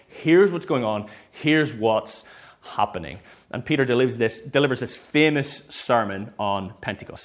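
A man preaching a sermon in a chatty, animated storytelling way, with plenty of fillers and restarts. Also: fairly high pitch.

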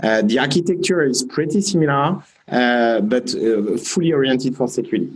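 A man from France with a French accent, a company founder answering interview questions in measured speech full of fillers. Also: medium pitch, lively intonation, breathy edge, poor audio. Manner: measured, many fillers and restarts.

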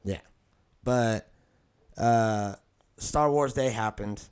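A man hosting a podcast in casual chat, rambling and joking, quick to laugh. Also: fairly low pitch, a little mellow, smooth. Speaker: podcast host.

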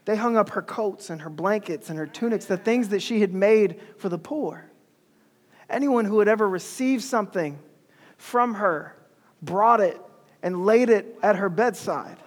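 A man preaches in a loose, slangy, animated storytelling way. His voice sits very high for a man. A long reverb trails his words through the hall. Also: a little slow. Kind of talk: casual sermon storytelling.

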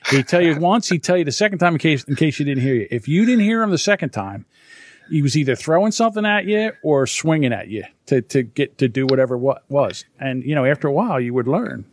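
Middle-aged man reminiscing, fairly high voice. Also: expressive, fast talker, dry recording, clean studio sound. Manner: reflective storytelling about parenting. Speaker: podcast cohost. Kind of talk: casual chat.

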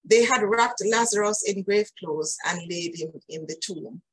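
A woman's voice: medium pitch, a little slow, breathy edge, rough recording. A woman preaching a sermon, earnest and emphatic, speaking directly to her listeners.

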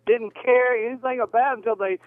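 A man in his fifties calls in over a thin, tinny phone line, his voice sitting fairly high. He speaks politely and haltingly, pausing between his thoughts. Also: fairly even intonation, no echo. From Georgia, US. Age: 50s. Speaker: caller. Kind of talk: radio call-in. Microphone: telephone.

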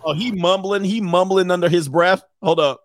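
Higher-voiced man joking through a reaction. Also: fairly even intonation, moderate pace. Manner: joking, slangy, laughing asides. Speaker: dating coach. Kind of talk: live reaction commentary.

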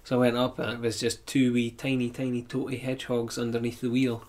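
A man's voice: medium pitch, completely flat delivery, a little fast. A man, a podcast guest telling a rambling, chatty story full of restarts. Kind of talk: casual chat, anecdote telling.

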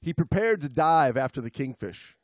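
Male podcast co-host, a bit high, playful, laughs often, reads aloud; dry close-mic sound. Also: lively intonation, normal speed, no echo. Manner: jokey, laughs often, puts on Aussie slang. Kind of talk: casual podcast chat and reading aloud.

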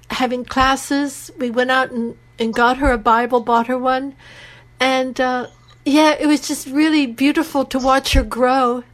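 A woman's voice: high-pitched, fairly bright tone, rough recording. A middle-aged woman, a radio show guest, telling heartfelt stories in an earnest, open way. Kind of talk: radio interview storytelling.

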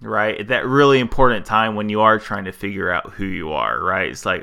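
A man's voice: lowish voice, fairly quick, creaky, hardly any pauses, bright, forceful tone, clean tone. A man co-hosting a podcast, talking in a thoughtful, searching way, often stopping and restarting his sentences. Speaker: podcast co-host. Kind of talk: reflective podcast discussion.

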